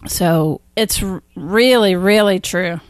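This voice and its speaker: A middle-aged woman co-hosting a podcast interview, telling personal stories in an expressive way and laughing often. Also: mid-range voice, takes it slowly, no echo. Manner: warm, expressive storytelling with frequent laughs. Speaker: podcast co-host. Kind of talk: conversational interview.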